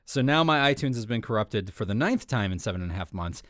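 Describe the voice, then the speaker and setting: A man's voice: lowish voice, expressive, fast, fairly bright tone, no echo, studio quality. A man co-hosting a casual tech podcast, chatting in a rambling, self-correcting way. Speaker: podcast co-host.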